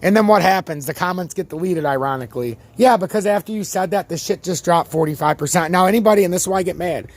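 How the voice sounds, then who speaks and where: A slightly high-voiced man with a worn-out voice rants through his crypto chart breakdown. He swears freely and leans on sports comparisons, talking in a loose, fired-up way. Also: fast, hardly any pauses. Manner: ranting, swears freely, animated sports analogies. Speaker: crypto chart analyst, channel host. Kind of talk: casual profane market commentary.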